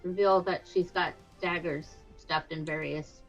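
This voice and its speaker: A woman's voice: sits low, steady tone, unhurried, soft background music. Playful woman at a game table, lo-fi. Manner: playful, hesitant restarts. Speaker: player.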